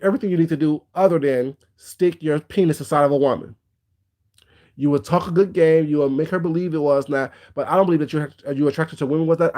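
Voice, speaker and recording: A man's voice: on the high side, a little mellow. Blunt gossipy livestream man. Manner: blunt, gossipy, greets viewers mid-rant. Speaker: livestream host. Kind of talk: casual commentary livestream.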